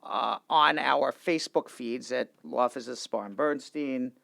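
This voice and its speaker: Animated male lawyer hosting a legal show. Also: mid-range voice, measured pace, vocal fry, no room sound, clean studio sound. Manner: animated, restarts and repeats himself. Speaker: immigration lawyer and show host. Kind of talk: casual legal talk show. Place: studio.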